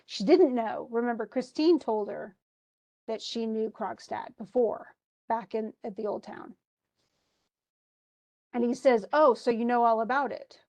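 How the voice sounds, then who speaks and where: A woman's voice: fairly high pitch, dark tone. Woman teacher retelling a play scene. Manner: reads quoted lines aloud with restarts and asides. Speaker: literature teacher.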